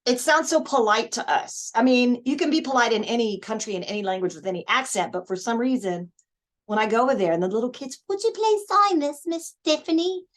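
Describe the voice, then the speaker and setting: A woman's voice: a little high, fast. A woman, chatting as a voice-actress guest in an interview. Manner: chatty, animated storyteller. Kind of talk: casual interview chat.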